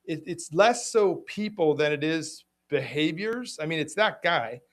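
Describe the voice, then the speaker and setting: A middle-aged man hosting a personal conversation, speaking haltingly with many restarts. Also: fairly high pitch, expressive, fairly bright tone. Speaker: host.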